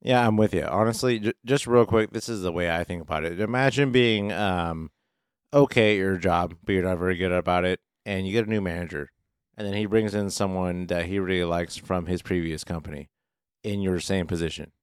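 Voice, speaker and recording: A man's voice: sits low, brisk, smooth, dry recording, clean studio sound. A man co-hosting a fantasy football podcast, talking loosely and casually, with a bit of swearing. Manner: loose, profane, uses workplace analogies. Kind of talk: casual sports chat.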